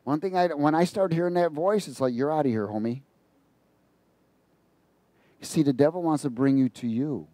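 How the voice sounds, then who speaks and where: An animated male preacher with a fairly high voice, talking through a psalm and poking fun at his listeners as he goes. His sound is dry and close, with almost no room around it. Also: a little fast, few pauses, no room sound. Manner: animated, mocking and laughing at his own asides. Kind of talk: informal sermon on a psalm.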